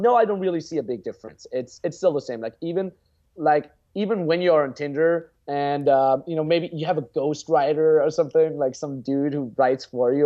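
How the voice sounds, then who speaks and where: A man's voice: medium pitch, warm tone, highs cut off. A man in his twenties, a guest dating coach, chatting casually in a blunt, profane way and acting out example lines. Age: 20s. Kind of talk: casual podcast chat.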